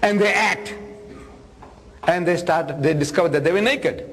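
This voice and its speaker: An older man with a high-pitched voice preaches to a crowd, spinning humorous stories and acting out each exchange. His voice rings with the long reverb of a large hall. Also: normal speed. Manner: animated, humorous, acts out dialogue and sound effects. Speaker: religious lecturer. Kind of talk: storytelling sermon to an audience.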